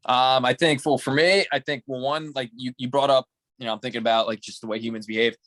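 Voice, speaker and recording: Fast-talking man thinking out loud. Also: medium pitch, steady tone, no room sound. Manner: rambling, many fillers and restarts. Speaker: coaching client, salesperson. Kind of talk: coaching session.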